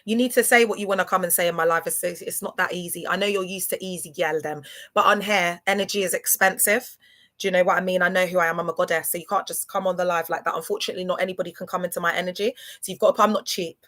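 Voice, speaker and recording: A woman hosting a casual live stream, talking fast and slangy and often checking whether listeners follow her. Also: lowish voice. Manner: animated, slangy, asks "do you get what I'm saying". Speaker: livestream host.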